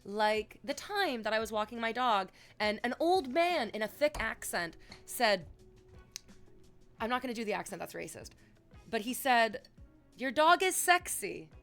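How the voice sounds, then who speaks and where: A woman's voice: fairly high pitch, expressive, moderate pace, fairly bright tone, soft background music. A woman streamer telling long candid stories to her chat, rambling and swearing, with sudden dramatic swells. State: sick.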